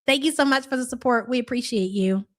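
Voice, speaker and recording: A woman hosts a live reaction stream, making sarcastic comments and reading out messages from her chat. Her voice is fairly high and fast.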